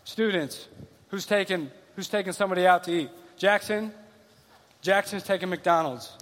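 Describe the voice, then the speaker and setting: A man preaching a sermon, speaking earnestly and conversationally and circling back to repeat his points. His voice sits high for a man. The recording carries a long reverb from a large hall with bleachers. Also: moderate pace, fairly bright tone. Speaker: pastor.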